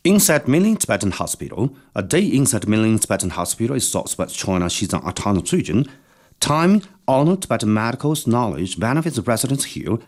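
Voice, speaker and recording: Man presenting news with a lively voice. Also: lowish voice, fairly quick. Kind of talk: scripted news reading.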